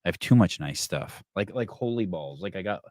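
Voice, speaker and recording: A middle-aged man with a lowish voice tells a story as a podcast host, swearing freely and getting animated. His voice sounds close and dry, with no room around it. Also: a little fast, no echo. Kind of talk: casual storytelling and reading comments.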